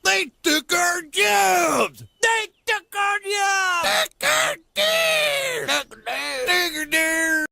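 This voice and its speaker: A man putting on a shrill, gravelly voice to play a protesting worker chanting complaints. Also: lively intonation, very slow, long pauses, bright, forceful tone, raised voice, slight background noise, full character voice. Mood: shrieking.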